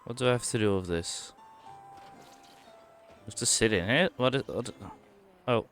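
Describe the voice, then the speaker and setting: Soft music plays behind a man whose medium-pitched voice is a bit bright. Casually commentating on a game he's streaming, he thinks aloud, reads dialogue, and reacts quickly as he explores.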